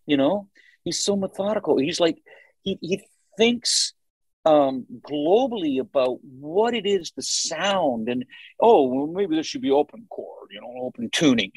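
A man in his sixties chatting in an interview, telling animated stories and acting out what people said. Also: on the high side, slightly rough, no echo, low-quality recording. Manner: animated storytelling, acts out quoted dialogue. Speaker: singer, interview guest. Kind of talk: casual interview talk.

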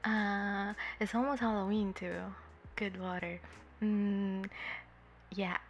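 Nervous giggly lady streamer, a bit tipsy, talks slow, greets chat one by one. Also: medium pitch, little pitch movement, lo-fi sound. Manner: giggly, nervous, affectionate with viewers. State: a little tipsy. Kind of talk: casual livestream chat.

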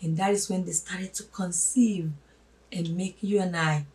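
A woman giving a spoken sermon, emphatic, swinging from loud stresses to hushed asides and calling listeners her brothers and sisters. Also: fairly low pitch, fairly even intonation, measured pace. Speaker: religious teacher. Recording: voice a little distant from the mic.

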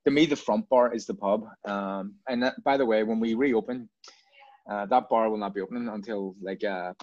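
A man's voice: lowish voice, moderate pace, darkish tone, dry recording. A man, a bar owner chatting in an interview, rambling and repeating words as he restarts his sentences. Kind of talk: casual interview chat. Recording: dull lo-fi sound, dry.

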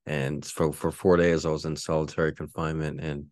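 A podcast host in his forties tells a rambling, profane story and laughs often. His speaking voice is very low. The sound is dry and close to the mic. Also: flat delivery, a little fast, darkish tone, dry recording. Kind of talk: casual storytelling.

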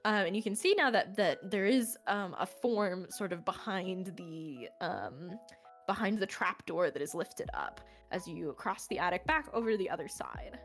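A woman narrating a tabletop game as game master, casual and halting, with many fillers. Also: fairly low pitch, lively intonation, faint music behind.

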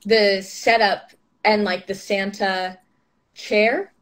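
A young actress chatting as an interview guest, talking freely with lots of "like" and "um" and breaking into laughs. Her voice sits at an ordinary middle pitch for a woman. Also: fairly even intonation, slow. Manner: chatty, laughs often, many fillers. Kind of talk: casual interview chat.

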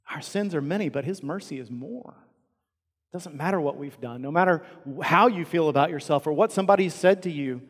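A Texan pastor in the pulpit, earnest and personal, rising to loud emphasis and then dropping to near-hushed lines. His voice sits fairly high for a man. A long reverb from the large sanctuary trails each phrase. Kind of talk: sermon.

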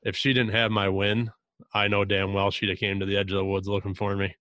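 Low, flat-voiced man telling hunting stories. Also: dry recording. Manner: relaxed, drawn-out storytelling with mild cursing. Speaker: podcast host. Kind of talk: casual hunting chat.

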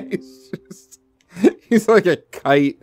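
A man with a high-pitched voice streams a game and commentates live, laughing often as he talks both to the on-screen character and to his viewers.

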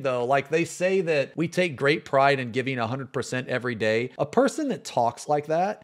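A man streaming a reaction to a video, swearing, mocking and incredulous, reading quoted text aloud and stumbling over words. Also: medium pitch.

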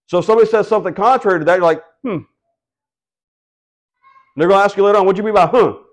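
A man with a high voice preaches to a small house church. He keeps it conversational, checks in with the congregation and briefly voices the people in his examples. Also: quick pace. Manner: conversational preaching, acts out quoted voices, asks the congregation questions. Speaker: pastor. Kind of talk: sermon.

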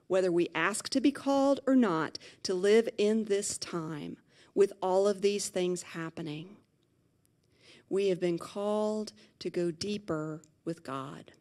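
Slow, reflective woman preacher. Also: medium pitch. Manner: gentle and reflective, rising to animated lament with laughs. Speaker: pastor. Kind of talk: sermon. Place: chapel at a retirement community.

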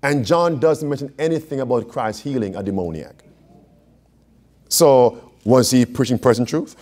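A man's voice: mid-range voice, moderate pace, a little mellow. A man preaching an interactive Bible study, quizzing his audience and repeating key phrases for emphasis. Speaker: preacher teaching a Bible class.

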